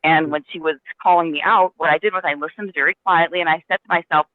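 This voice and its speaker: A man's voice: a little high, steady tone, quick pace, no echo. A man earnestly telling a personal story in a casual spiritual discussion, with many restarts. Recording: dry, tinny phone line.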